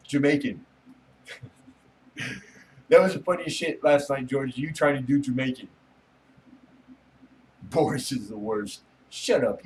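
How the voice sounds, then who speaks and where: A man's voice: medium pitch, slight background noise. Man, livestream host, casual and crude, mid-range voice, slightly distant mic. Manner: rambling, joking, laughs often, swears casually. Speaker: livestream host chatting with viewers. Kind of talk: casual late-night livestream chat.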